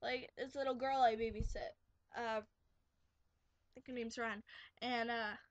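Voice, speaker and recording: Sitting on her bed in her bedroom, a teenage girl vlogs casually, ranting sarcastically with lots of filler words and quoting kids in mocking voices. Her voice is a little high with fairly even intonation, unhurried, and there's no echo.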